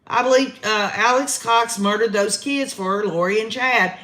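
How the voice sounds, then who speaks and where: A woman with a Southern drawl talks through the news live to her viewers, calling them "y'all" and thinking out loud. Her voice is bright and clear, sitting at a middle pitch for a woman. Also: unhurried. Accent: Southern American. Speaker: livestream host. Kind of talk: casual live commentary.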